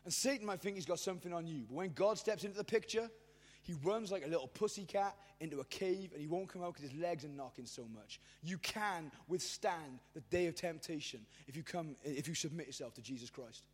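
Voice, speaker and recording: A man preaching a sermon in casual slang, with self-mocking asides, building from easy storytelling to shouted fervor. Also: fairly high pitch, fast talker. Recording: long hall reverb.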